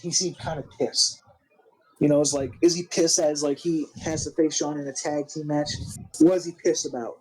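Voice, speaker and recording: A young man rambles through a recap of a wrestling game, full of swearing, restarts and "like". His voice sits a little high with a husky edge. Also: steady tone, normal speed, a little mellow, low-quality recording. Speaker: game commentator.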